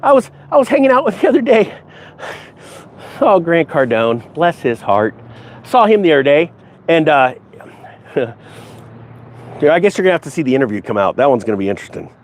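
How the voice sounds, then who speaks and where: Slight background noise sits behind a middle-aged man's somewhat high voice, which moves quickly with big swings in pitch. Hosting a finance channel, he chats loosely with the live chat, joking around and wandering from topic to topic.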